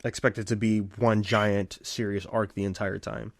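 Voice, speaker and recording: A man co-hosting a casual podcast, talking in a relaxed, rambling way with lots of fillers. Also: on the low side, moderate pace, creaky, dry recording. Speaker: podcast co-host.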